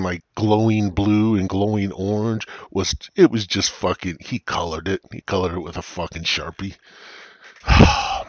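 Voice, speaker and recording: A man's voice: on the low side, slightly rough, no room sound. A man hosting a comedy podcast, rambling through profane, crude stories into a cheap gaming headset. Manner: profane, meandering, crude storytelling. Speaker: podcast host.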